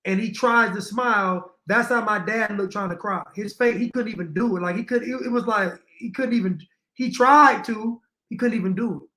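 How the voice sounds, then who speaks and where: A man's voice: high voice, normal speed, sharp tone. A man giving opinionated reaction commentary to viewers, repeating his points and addressing them directly. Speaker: commentary streamer.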